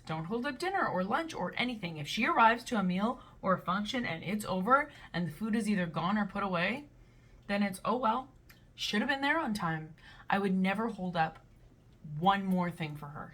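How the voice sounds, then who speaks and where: A young woman in her twenties hosting a casual reaction video, talking in a blunt, animated way and reading posts aloud. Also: medium pitch, moderate pace. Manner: blunt and animated, with playful voices.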